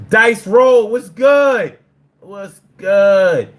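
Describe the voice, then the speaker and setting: Animated, blunt-talking male streamer. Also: a little high, a little slow. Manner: blunt, profane, argumentative. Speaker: livestreamer reading viewer chat. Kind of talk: casual livestream chat.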